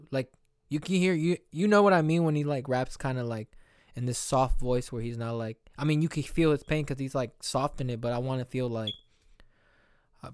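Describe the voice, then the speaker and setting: A man's voice: medium pitch, clean tone, no room sound, studio quality. A man hosting a podcast, chatting loosely as he reacts to an album, full of "like" and "you know what I'm saying". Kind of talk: casual reaction chat.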